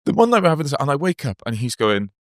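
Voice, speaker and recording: Man telling animated stories. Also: a little high, very fast, dry recording, studio quality. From Wales. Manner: animated storytelling, acts out quoted voices. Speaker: podcast host. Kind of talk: casual podcast chat.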